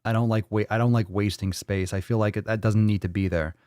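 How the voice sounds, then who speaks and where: Male live-stream host, low voice, dry close sound, rambling profane banter. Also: fairly even intonation, fast talker, darkish tone, clear, resonant tone, no echo. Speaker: fitness livestream host. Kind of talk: casual live-stream chat.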